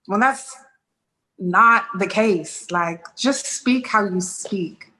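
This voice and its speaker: A woman's voice: medium pitch, slow pace, sharp tone, low-quality recording. A woman speaking frankly and with strong opinions as a panelist in a studio chat. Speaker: guest panelist.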